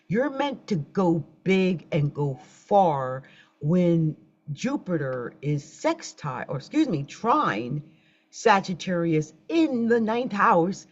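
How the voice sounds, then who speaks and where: Lively-voiced woman hosting an astrology livestream. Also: lowish voice, takes it slowly. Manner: chatty, talks straight to viewers, gets flustered by tech trouble. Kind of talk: casual livestream astrology reading. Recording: dull lo-fi livestream audio.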